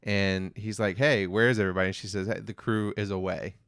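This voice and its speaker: A man's voice: fairly low pitch, brisk, clean tone, no room sound, clean studio sound. A man co-hosting a review podcast, casually retelling an episode's plot in a rambling way with lots of fillers. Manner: rambling, many fillers, quotes characters flatly.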